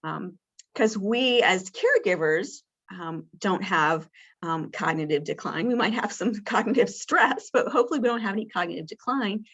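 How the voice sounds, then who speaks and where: Heard through dull audio, a woman at medium pitch talks at normal speed in an animated way, with a breathy edge. Her interactive training session covers communicating with people with dementia, and she teaches warmly and conversationally, with many fillers. She voices imagined caregiver lines in a bright, lifted tone.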